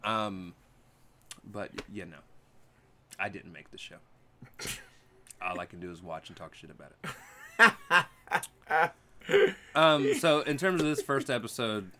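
Blunt thirtysomething guy, bright voice, ranting and swearing in casual chat. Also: lowish voice, slow pace, long pauses, slight background noise. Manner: blunt, opinionated, swears freely. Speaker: podcast co-host.

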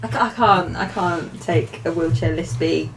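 A woman's voice: lowish voice, normal speed, gravelly, a little hiss or hum, rough recording. A woman on a comedy podcast, bantering in a playful, giggly way.

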